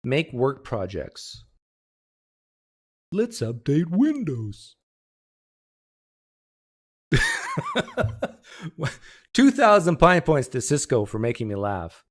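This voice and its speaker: A man's voice: mid-range voice, very animated, takes it slowly, pauses often. A man in his own streaming setup talks into a desk mic, trading sarcastic jokes with his chat as he tries to fix the volume. His voice sits in an ordinary middle register, and his delivery is loose and off-the-cuff. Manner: sarcastic, joking while fixing mic settings. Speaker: host. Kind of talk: casual livestream chat. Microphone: desktop streaming mic.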